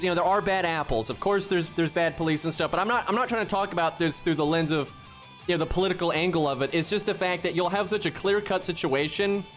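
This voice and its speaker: A man streaming a game, ranting in casual talk and swearing freely, with a "right?" after nearly every point. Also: sits high. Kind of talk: casual live-stream rant.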